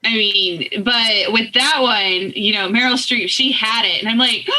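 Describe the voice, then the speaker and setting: Podcast co-host: young woman, Oklahoma-Ozark accent, crisp clear tone, chatty storyteller. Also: fairly high pitch, a little slow, pushed and bright, low-quality recording. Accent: Oklahoma and Ozark mix. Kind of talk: casual chat.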